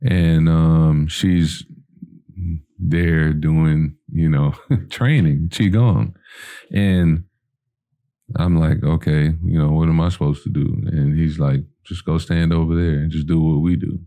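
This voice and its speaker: On a podcast, a man with an extremely low, dark, steady voice slowly tells a long personal story in a loose, rambling manner. He fills it with "you know" and "like" and acts out what people said to him.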